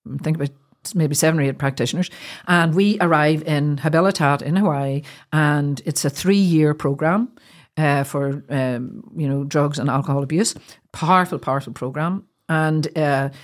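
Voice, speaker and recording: A middle-aged Irish woman from Ireland, a guest telling a personal story in an interview, halting with many fillers and restarts. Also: deep voice.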